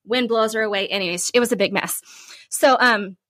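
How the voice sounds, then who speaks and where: A woman co-hosting a podcast, telling a story in a casual, animated way, peppered with "like" and playful bragging. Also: mid-range voice, fairly quick, dry recording, studio quality. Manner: animated, lots of "like", playful self-praise. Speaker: podcast co-host.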